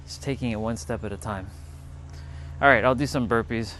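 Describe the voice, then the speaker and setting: Guy from cali chatting on a livestream while doing pushups and burpees, mid pitch, bit of traffic noise faint behind. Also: fairly quick, fairly bright tone. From California. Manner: chatty, counting reps between breaths. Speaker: livestream host. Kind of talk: casual livestream chat while exercising. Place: outdoors in hot weather.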